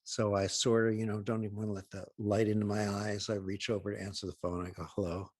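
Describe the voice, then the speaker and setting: A man hosting a healing program, telling humorous anecdotes with wry asides and pauses. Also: fairly low pitch, flat delivery, no room sound, clean studio sound. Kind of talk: humorous storytelling talk.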